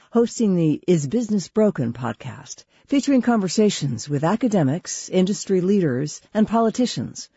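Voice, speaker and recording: Woman radio announcer, sponsor credits, lively pitch, dry close sound. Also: husky, no room sound. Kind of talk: scripted sponsor reading. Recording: slightly muffled broadcast audio.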